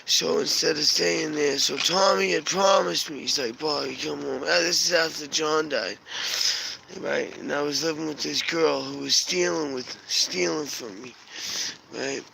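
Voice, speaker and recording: Gravelly man ranting in a noisy recording. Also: on the high side, a little slow, pushed and bright. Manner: agitated, swears constantly, rambling. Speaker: vlogger. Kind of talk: rambling personal monologue.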